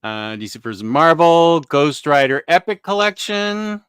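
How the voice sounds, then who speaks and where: Casual man hosting a comic stream, chatty and jokey, smooth clear voice, close dry sound. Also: on the high side, sing-song, a little slow, a bit bright, no room sound. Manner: chatty, jokey, thinking aloud while browsing. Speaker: comic book show host. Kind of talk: casual live-stream chat.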